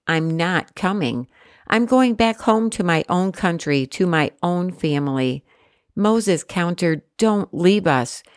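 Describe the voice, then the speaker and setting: Low-voiced woman reading scripture. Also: no echo, studio quality. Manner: steady, measured reading with careful pauses. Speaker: scripture reader.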